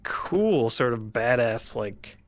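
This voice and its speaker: A man's voice: mid-range voice, sing-song, slow, slight background noise. A man casually chatting and joking while building a game character. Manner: laughing, joking, thinking aloud. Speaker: player.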